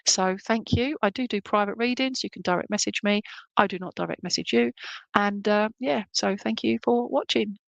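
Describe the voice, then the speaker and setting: A woman's voice: mid-range voice, normal speed, gravelly, dry recording, low-quality recording. A woman working as a spiritualist medium, giving a chatty, reassuring reading and checking in with "okay?" all the time. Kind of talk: clairvoyant reading in an online church service.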